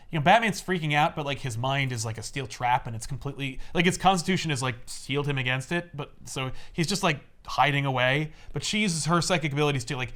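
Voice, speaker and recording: A man co-hosting a casual comic chat, retelling the plot in a loose, rambling way with plenty of fillers. His voice sits a little high for a man. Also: a bit bright. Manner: rambling, filler-heavy storytelling. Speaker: podcast co-host.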